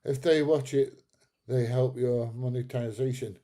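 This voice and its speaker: A man's voice: medium pitch, steady tone, unhurried, warm tone. A man in his seventies hosting a live stream, reading out chat comments and bantering back at trolls with frequent laughs. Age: 70s. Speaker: livestream host reading chat.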